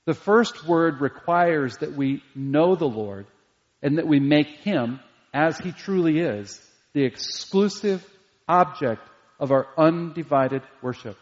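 A man's voice: fairly high pitch, slow pace. A man preaching a sermon as pastor, emphatic and dwelling on single words. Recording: dull lo-fi recording in a reverberant hall.

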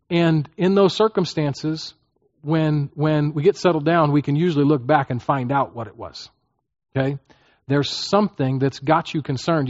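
A man's voice: on the high side, a little mellow, no echo, muffled recording. A man as a pastor preaching a conversational sermon, often checking in with the listeners and acting out prayers. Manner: conversational teaching, frequent "okay?" check-ins, acts out prayers.

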